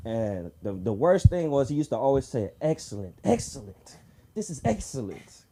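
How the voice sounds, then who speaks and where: Animated crude stand-up comic, man. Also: moderate pace. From Southern California. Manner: crude, animated, acts out characters in shrill voices. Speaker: stand-up comedian. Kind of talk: open mic stand-up set. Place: comedy club stage.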